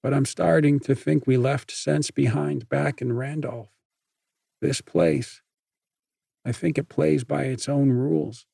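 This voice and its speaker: A man voicing a perceptive teenage girl in an audiobook, with a husky voice. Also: medium pitch, fairly even intonation, takes it slowly, warm tone, no room sound, clean studio sound, voice pushed up, heavily acted. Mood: uneasy.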